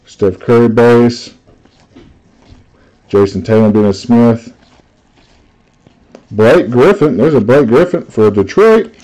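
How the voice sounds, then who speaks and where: A man's voice: mid-range voice, expressive, unhurried, pauses often, dark tone, rough recording. A man hosting a live card break, chatting casually, telling stories and reading out the cards he pulls. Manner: chatty storyteller, laughs easily, reads out cards.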